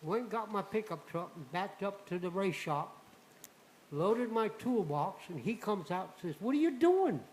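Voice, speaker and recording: High-voiced older man spinning a folksy yarn. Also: normal speed, slight background noise, rough recording. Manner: folksy, animated storyteller acting out dialogue. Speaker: returning guest. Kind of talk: telling a personal story on a radio show.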